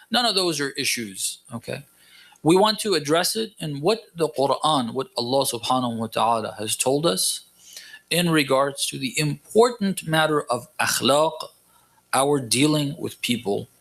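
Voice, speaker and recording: A man's voice: on the high side, gravelly, fairly bright tone. A man delivering a religious lecture to a gathering, emphatic, repeating his points and firing off rhetorical questions. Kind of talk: lecture-style sermon.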